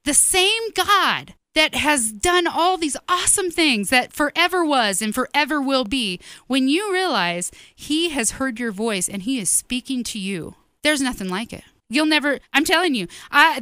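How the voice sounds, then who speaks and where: Bright, high-voiced woman preaching testimony. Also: animated, normal speed, hardly any pauses, no room sound. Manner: earnest, emphatic, direct address to listeners. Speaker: ministry host. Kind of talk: personal testimony sermon.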